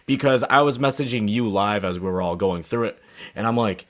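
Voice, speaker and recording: A man co-hosting a live chat show, animated and acting out his own reactions. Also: lowish voice, fairly quick. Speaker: podcast co-host. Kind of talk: casual chat.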